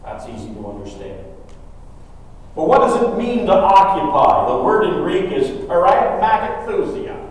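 A man's voice: a little high, very animated, normal speed. A man preaching a sermon in a church, emphatic and repeating his key phrases. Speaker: pastor. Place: church sanctuary. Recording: echoey church hall from far off.

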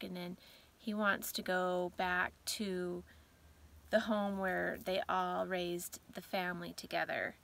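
Middle-aged woman vlogger, tired and emotional, bright tone, slips into whispers, casual late-night chat. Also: fairly low pitch. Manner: emotional, soft-spoken, drifts into whispers. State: teary and tired at bedtime.

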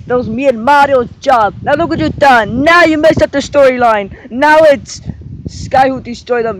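High-pitched man yelling through a noisy skit. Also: a little slow. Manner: excitable, swings from yelling to mumbling. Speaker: video maker voicing all characters. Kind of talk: homemade skit, switching between character voices.

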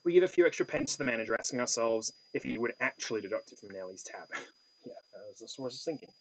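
A man hosting a solo detective board game play-through, reading the case aloud and thinking out loud with stammering restarts. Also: mid-range voice, fast talker, a little hiss or hum, rough recording.

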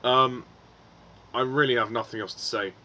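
A man's voice: medium pitch, fairly even intonation, normal speed, sharp tone, slight background noise. A man giving a frustrated, swearing film review, with many ums and restarts.

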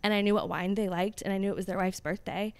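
A woman talks as a podcast guest in a relaxed, casual exchange. Her voice is smooth and clean, and the sound is dry and close. She speaks quickly and agreeably, laughing easily along with the host. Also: medium pitch, no room sound. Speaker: guest, hospitality PR founder. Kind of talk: casual conversation.

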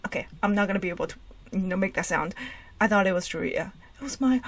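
A woman hosting a music reaction video, talking in an excited, gushing way with lots of fillers and restarts. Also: mid-range voice, quick pace. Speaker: reaction channel host. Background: faint music from the reacted video.

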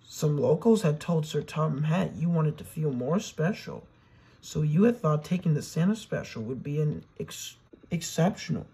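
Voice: mid-range voice, animated, normal speed, warm tone, husky. A narrator voicing a kindly male engine who explains things matter-of-factly. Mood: explaining.

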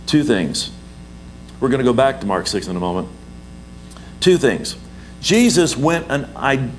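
A man's voice: mid-range voice, slight background noise, poor audio. A man preaching a sermon as pastor, emphatic and repetitive, leading the congregation in call-and-response.

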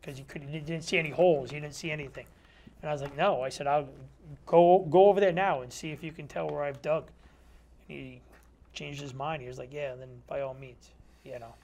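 A man's voice: a little high, steady tone, fairly quick, a little mellow. A man who is a metal detectorist, a guest in a casual interview chat in a TV studio, telling stories, acting out dialogue and using many fillers. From Connecticut. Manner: storytelling, acts out quoted dialogue; chatty, many fillers like "you know". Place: community TV studio.

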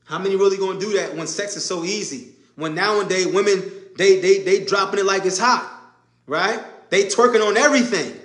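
A man's voice: sits high, a little fast, a bit bright, roomy sound. A man preaching an informal sermon, emphatic and conversational, repeating his points. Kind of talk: informal sermon to a live audience.

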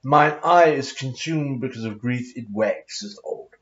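A man talks on his own in an exaggerated, put-on posh accent, drifting between reading verses aloud, making offhand remarks and humming to himself. His voice sits at an ordinary middle pitch. The recording is dull and lo-fi, with the highs rolled off. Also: unhurried. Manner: reads scripture aloud in between rambling comments and humming. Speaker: vlogger. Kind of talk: rambling solo monologue.

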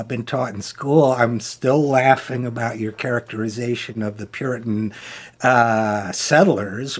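A man of medium pitch hosts an interview show. His speech is halting, with many pauses, fillers and restarts. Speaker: podcast host. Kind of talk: interview conversation.

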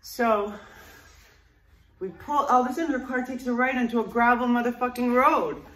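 A woman telling a personal story in a blunt, profane and animated way. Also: fairly high pitch, moderate pace. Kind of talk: casual spoken memoir. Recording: roomy echo, distant mic.

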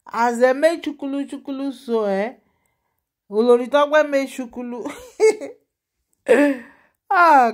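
Hosting her own channel, a woman with a Nigerian accent chats casually and animatedly about celebrity gossip. Her voice sits a little high, and she laughs often.

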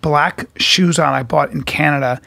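A man with a notably high speaking voice co-hosts a casual podcast. He tells stories with lots of animation and slips into the voices of the people he quotes. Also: normal speed, gravelly, no room sound. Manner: animated storyteller who acts out quotes. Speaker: podcast co-host.

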